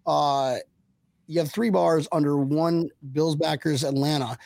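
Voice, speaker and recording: A man hosting a live podcast stream, energetic and jokey, rambling through his questions and shout-outs. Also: a little high, unhurried, gravelly, no room sound. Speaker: podcast host.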